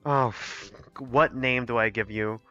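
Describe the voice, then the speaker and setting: A man's voice: mid-range voice, a little slow, sharp tone, highs cut off, faint music behind. A man reading game text aloud on a live stream and chatting between lines. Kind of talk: live gameplay reading and commentary.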